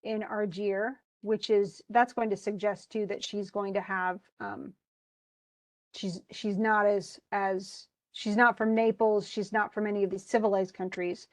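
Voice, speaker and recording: A woman's voice: mid-range voice, little pitch movement, a little slow, dry recording. A woman teacher talking a class through a play in casual, chatty explanations.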